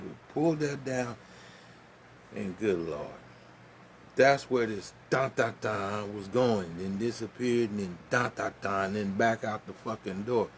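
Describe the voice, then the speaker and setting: A man telling a profane, animated story in casual talk, with laughs and spoken sound effects. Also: mid-range voice, a little hiss or hum.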